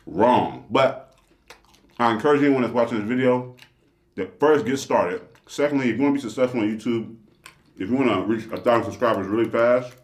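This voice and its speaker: A man with a low voice talks casually to his viewers, upbeat and chatty as he eats. His voice bounces around a roomy indoor space. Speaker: channel host. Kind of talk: casual vlog talk to viewers. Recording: roomy echo.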